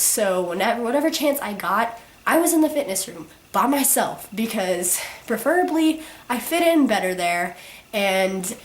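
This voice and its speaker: A teenage girl vlogger ranting casually to camera, her sick voice cracking, filling every pause with "like". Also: mid-range voice. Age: teens. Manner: ranting, constant "like" fillers. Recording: roomy echo.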